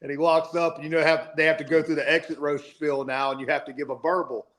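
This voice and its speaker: A man's voice: fairly high pitch, little pitch movement, fast talker, fairly bright tone. A man from southern Florida, a guest on a talk stream, telling anecdotes animatedly and laughing often. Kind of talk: casual chat, storytelling.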